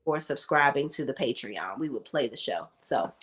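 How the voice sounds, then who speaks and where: A woman from Maryland hosting a casual live chat about a TV show, talking warmly to viewers and laughing often. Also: rumbling low, lively intonation, moderate pace. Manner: chatty, laughs often, calls viewers "y'all". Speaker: show review host.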